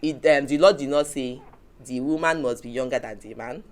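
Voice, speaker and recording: A woman's voice: a bass voice, moderate pace, a little mellow. A woman hosting a casual talk show, explaining points from her notes. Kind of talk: casual panel chat.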